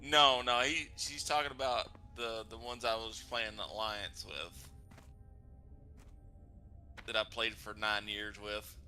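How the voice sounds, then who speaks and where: A man's voice: lowish voice, steady tone, slow pace, long pauses, bright, forceful tone, faint music behind. A man streaming a game, chatting loosely and profanely, with laughing asides. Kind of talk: casual gaming chat.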